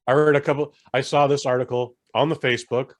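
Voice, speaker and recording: Male podcast co-host, mid pitch, blunt emphatic ranting style. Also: little pitch movement, quick pace. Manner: blunt, swearing, emphatic rants. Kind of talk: casual chat.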